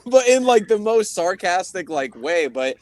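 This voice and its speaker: A man's voice: high-pitched, very animated, unhurried, darkish tone. A young man co-hosting a podcast, telling a rambling, profane story in casual chat and laughing often. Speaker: podcast co-host.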